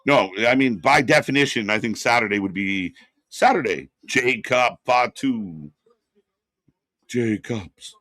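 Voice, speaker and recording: A man co-hosting a live wrestling watch party, reacting and chatting casually, rambling with fillers and breaking into loud excited bursts. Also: medium pitch, unhurried, no room sound, studio quality.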